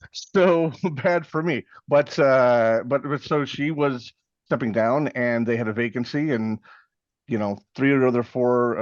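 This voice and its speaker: A Texan man in his forties, relaxed and rambling as he recounts his past, slipping into quick impressions of the people in his stories. His voice sits at a middle pitch. The recording is slightly muffled and very dry, with no room sound. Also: no room sound. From Texas. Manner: rambling, self-mocking, acts out quoted voices. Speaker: podcast guest. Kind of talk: casual interview storytelling.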